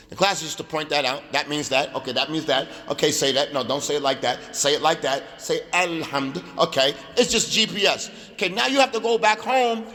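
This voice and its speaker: A man's voice: fairly high pitch, sharp tone. A man teaching an Arabic class in a mosque, emphatic and repetitive, drilling phrases aloud. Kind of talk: lecture in a mosque. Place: mosque hall. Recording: long hall reverb.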